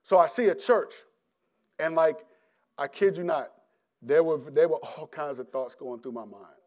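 Telling his own story in a personal testimony sermon, a middle-aged male preacher speaks in a slightly high voice. Animated and halting, he restarts and repeats words, impersonates who he used to be, and breaks into laughter.

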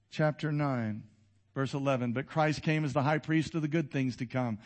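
A man in his fifties preaching a sermon to a congregation, swinging between loud exhortation and quiet intensity. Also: a little high. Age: 50s. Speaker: pastor. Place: church before a congregation.

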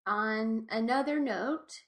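A woman's voice: on the high side, slow. A woman co-hosting a podcast, chatting casually and enthusiastically as she retells favorite scenes, often laughing. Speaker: podcast co-host. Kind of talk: casual chat recapping a TV episode.

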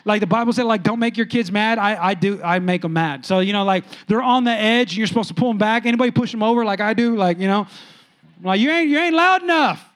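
A man preaching a sermon with audience interaction, telling casual stories and swinging from soft, low asides to loud, excited peaks. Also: fast talker. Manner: animated, jumps sharply higher and louder when excited, then drops soft; conversational, storytelling preacher with casual slang. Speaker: pastor.

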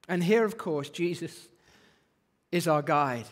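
A man preaching a sermon, animated, with phrases repeated for emphasis. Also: on the high side, slow. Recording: long hall reverb.

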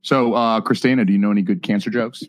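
A man in his thirties speaks fast in a fairly low voice with fairly even intonation, a little hiss or hum audible. He's hosting a podcast livestream, rambling through crude comedic banter with many restarts.

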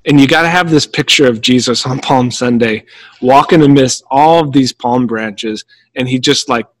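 A man preaching a teaching sermon in an earnest way, often restarting his sentences and slowing down for quoted scripture. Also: medium pitch, no echo. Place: room at home.

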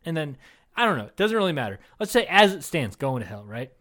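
A man on a comedy podcast with a fairly high voice that swoops up and down wildly as he riffs. He tells profane stories in casual chat, breaking into loud acted-out bits. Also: very animated, fast.

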